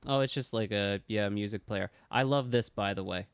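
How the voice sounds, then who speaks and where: A man's voice: on the low side, moderate pace, clean tone. A man streaming a video game live, chatting casually, swearing and yelping when things go wrong. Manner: excitable, swears freely, yelps and talks to chat. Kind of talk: casual live gameplay commentary.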